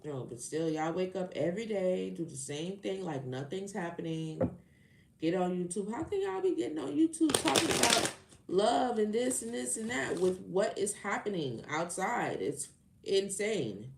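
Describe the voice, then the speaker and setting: A woman's voice: mid-range voice, expressive, moderate pace, creaky. Woman, tarot live-stream host, fed up and sarcastic, full of rhetorical jabs; echoey room audio with light noise. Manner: heated, exasperated and sarcastic, with rhetorical questions. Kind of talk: ranting live-stream chat.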